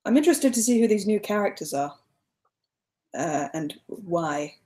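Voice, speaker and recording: A woman's voice: medium pitch, lively intonation, normal speed, warm tone. A woman with an English accent co-hosting a casual movie chat, reading out questions in a dry, wry manner. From England.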